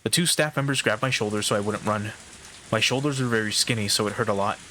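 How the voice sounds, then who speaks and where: A man streaming a game, reading visual novel text aloud in steady first-person narration with small stumbles. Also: on the low side, quick pace, a little hiss or hum, rough recording. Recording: game music in background. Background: game music.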